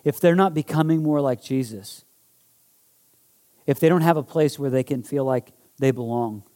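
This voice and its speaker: A man's voice: mid-range voice, moderate pace, warm tone. A male pastor preaching a sermon. He builds to fervent, emphatic repetition and leads the congregation in call-and-response.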